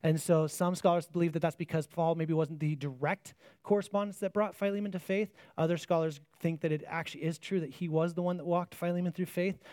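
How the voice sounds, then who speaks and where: A man's voice: fairly high pitch, darkish tone, no echo, clean studio sound. A man preaching a sermon in an earnest way, often restarting his phrases and asking the listeners rhetorical questions.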